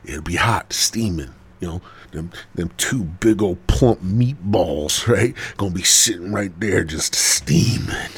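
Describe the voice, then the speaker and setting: A man's voice: deep voice, takes it slowly, breathy edge. A man hosting a podcast, telling a rambling, profane story full of fillers and dropping into whispers. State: smoking while talking, coughing. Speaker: podcast host. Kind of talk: casual storytelling monologue.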